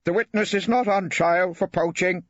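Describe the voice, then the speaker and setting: An actor playing a pompous, irritable judge in an audiobook, speaking weightily and condescendingly. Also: male voice, sits high, moderate pace, dry recording, pitched above the performer's own voice, close to an everyday voice. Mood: irritated. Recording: dry, slightly dull studio.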